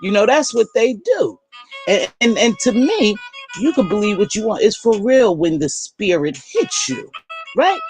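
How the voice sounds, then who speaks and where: An older woman giving blunt, exasperated live commentary to her viewers. She uses casual slang and repeats words for emphasis. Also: fairly low pitch. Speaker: online commentator.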